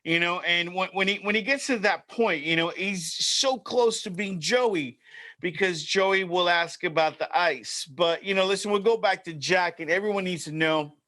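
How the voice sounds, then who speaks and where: Upbeat talk-show host man, slightly high. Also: sharp tone. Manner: upbeat, repeats "man" and "you know". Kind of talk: casual chat.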